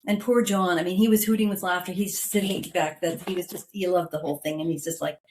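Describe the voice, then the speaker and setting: A woman tells a family story on a podcast with lively energy. She acts out the voices of her relatives as she goes. Her voice sits a little low for a woman. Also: quick pace, a little hiss or hum. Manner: animated anecdote telling, acting out family members' lines. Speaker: podcast guest. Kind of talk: storytelling in an interview.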